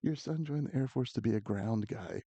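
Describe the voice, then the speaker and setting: A man's voice: mid-range voice, normal speed, dark tone, breathy edge, dry recording. A man voicing an exasperated middle-aged father who is blunt, sarcastic and incredulous, in a told story.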